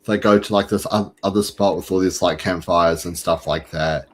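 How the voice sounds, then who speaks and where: A man with a lowish voice hosts a relaxed fan podcast. He talks in a chatty, loose way, full of fillers and restarts. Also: moderate pace. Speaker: podcast host. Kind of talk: casual fan chat.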